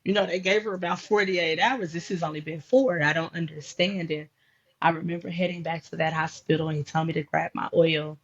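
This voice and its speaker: A woman with a husky, breathy voice tells a faith story in a podcast conversation. She is animated and acts out the dialogue she recounts. The audio is dull and lo-fi. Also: fairly low pitch, a little fast.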